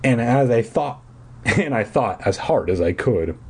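A man's voice: medium pitch, lively intonation, a little slow, husky. A man in his twenties reading a children's book aloud on a podcast, with wry, self-mocking asides. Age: 20s.

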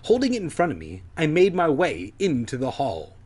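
A man's voice: a little high, huge pitch swings, moderate pace, darkish tone, husky. A man reading a children's horror book aloud for comedy, with irreverent, swearing asides. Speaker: reader.

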